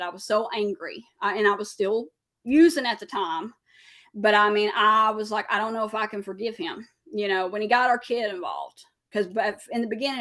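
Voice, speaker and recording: A woman's voice: medium pitch, fairly bright tone. A woman in her thirties, a podcast guest candidly telling a personal recovery story and acting out past conversations. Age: 30s.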